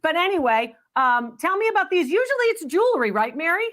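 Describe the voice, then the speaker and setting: A woman's voice: very high-pitched, sing-song, brisk, a bit bright. A middle-aged woman hosting a live call-in antiques appraisal show, upbeat and chatty.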